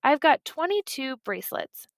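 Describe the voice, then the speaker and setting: Brief: woman playing a cool, offhand neighbor girl, high bright voice with a gravelly edge, storybook read-aloud. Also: very animated, normal speed, no echo, clean studio sound.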